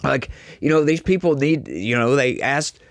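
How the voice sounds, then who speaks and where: A man's voice: medium pitch, lively intonation, moderate pace, dry recording, studio quality. A man giving casual political commentary, sarcastic and mocking, reading news excerpts between his own remarks.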